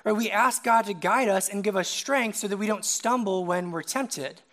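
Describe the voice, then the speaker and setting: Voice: mid-range voice, normal speed, fairly bright tone. A young adult preacher giving a casual, conversational sermon, often checking in with the listeners by asking "right?".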